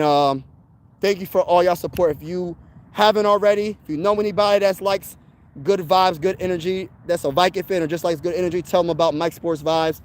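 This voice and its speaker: Chatty high-voiced man vlogging outdoors. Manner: chatty storyteller, slangy and animated. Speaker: sports channel host. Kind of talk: casual livestream chat while walking. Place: outdoors on a trail.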